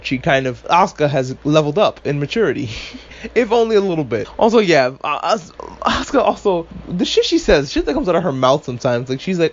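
A man's voice: fairly high pitch, very animated, fairly quick, lo-fi sound. A man hosting a casual podcast recap, talking with animation, swearing freely and tossing in sarcastic asides. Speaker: podcast host.

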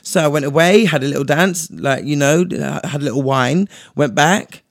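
Animated man telling a story. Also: a little high, normal speed, dry recording, studio quality. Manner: animated, acts out the other people's voices in his stories. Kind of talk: casual storytelling chat.

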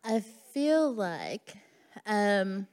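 A woman's voice: mid-range voice, big pitch swings, very slow, darkish tone, clean tone. A woman co-hosting a live comedy podcast on stage, cracking sassy jokes. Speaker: guest co-host. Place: live stage in a concert hall. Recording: reverb of a live concert hall.

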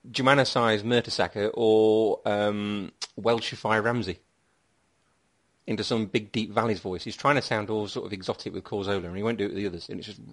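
A man hosting a casual football podcast, chatty with wry asides. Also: on the low side. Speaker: podcast host.

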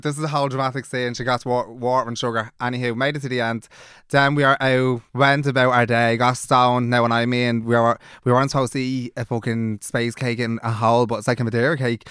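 Fast-talking Dublin man telling stories. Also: mid-range voice, flat delivery, fairly bright tone, clean tone, dry recording, studio quality. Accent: Irish, Dublin. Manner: swearing, acts out the people he quotes. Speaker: podcast co-host. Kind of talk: casual storytelling chat.

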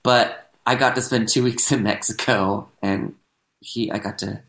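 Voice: medium pitch, fairly even intonation, unhurried, vocal fry, a bit bright. An actor chatting casually as a podcast guest, rambling with lots of restarts and fillers. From United States. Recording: roomy echo.

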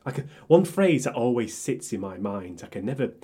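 A man's voice: medium pitch, a little fast, slightly rough. A young man, co-hosting a podcast and telling workplace stories with lots of swearing and acted-out quotes. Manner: animated, swears freely, acts out quotes. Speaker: podcast co-host. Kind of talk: casual storytelling chat.

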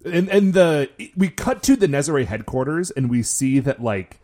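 A man casually recapping a show with a co-host, animated and acting out quotes, with lots of filler words. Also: a little high, moderate pace. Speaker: podcast co-host.

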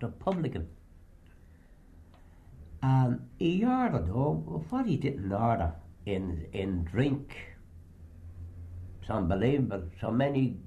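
A man's voice: medium pitch, warm tone. An older man recounting anecdotes in a rambling, anecdotal way, acting out the voices of the people he quotes. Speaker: storyteller. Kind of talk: oral history reminiscence.

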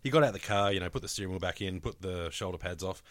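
A man co-hosting a casual sports chat, crude and jokey, rambling with many pauses. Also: deep voice, no echo. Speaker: podcast co-host.

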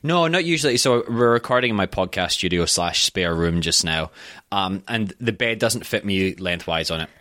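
A man's voice: deep voice, expressive, moderate pace, bright, forceful tone, no echo, studio quality. A man with a Scottish accent chatting casually as a podcast guest, joking about himself and swearing freely. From Scotland. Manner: jokey, self-deprecating, swears casually. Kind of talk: casual chat. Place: home podcast studio in a spare room. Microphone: studio microphone.

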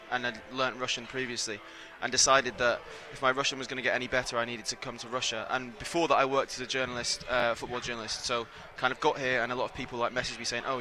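Young male journalist guest, rapid and very bright, earnest and rambling, flat delivery. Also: mid-range voice. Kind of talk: interview answers.

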